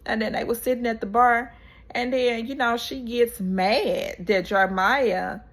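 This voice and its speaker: A woman vlogger recapping a reality show episode in casual, animated storytelling, acting out what people said. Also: on the high side, a little slow. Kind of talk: casual chat.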